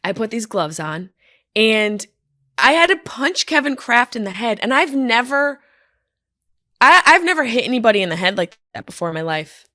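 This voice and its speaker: A woman comedian telling casual stories on a podcast, animated, profane and self-deprecating, from a hotel room. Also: fairly high pitch, moderate pace, no echo, studio quality. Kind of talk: casual storytelling monologue.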